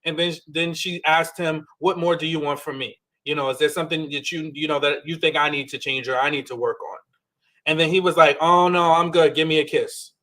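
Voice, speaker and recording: A man co-hosting a podcast, recapping a reality show in a casual, animated way and acting out the lines he quotes. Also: fairly high pitch, a little fast. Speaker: podcast co-host.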